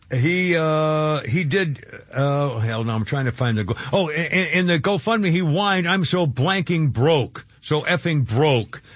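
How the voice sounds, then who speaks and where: A man's voice: fairly high pitch, fairly bright tone, dry recording. A man hosting a talk radio show, ranting indignantly and rambling with many fillers, heard over a dull lo-fi broadcast.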